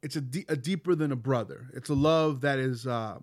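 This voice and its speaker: A man co-hosting a casual faith podcast, sniffly with a cold, explaining things haltingly with many restarts. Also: mid-range voice, no echo, studio quality. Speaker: podcast co-host.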